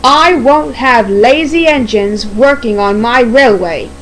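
A woman's voice: a little high, slow pace, fairly bright tone, slight background noise, low-quality recording. A woman voicing a stern male railway boss in a storybook reading, scolding in tone.

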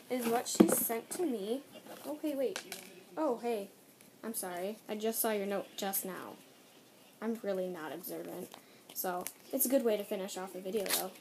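A woman's voice: a little high, vocal fry, noisy background. A teenage girl vlogger chatting casually through an unboxing, bubbly and gushing, giggling often. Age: teens.

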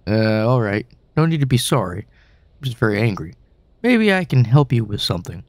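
A man's voice: medium pitch, very animated, normal speed, no echo. A man voicing an irritated young woman stranded at a cemetery, blunt and cursing. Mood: curt.

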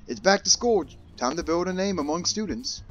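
Excitable man yelling through a let's-play. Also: sits high, highs cut off. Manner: excitable, yells and swears at game characters. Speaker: gaming YouTuber. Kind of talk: casual let's-play commentary.

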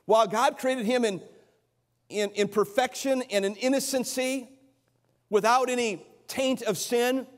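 High-voiced man preaching in a reverberant church. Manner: earnest preaching with repeated words and restarts. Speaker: pastor. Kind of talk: sermon. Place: church sanctuary. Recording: church sanctuary with long reverb.

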